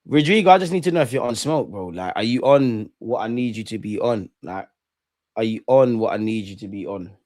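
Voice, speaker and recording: A man streaming a live football watchalong, talking in excitable, gloating banter full of slang. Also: on the low side, brisk, dry recording.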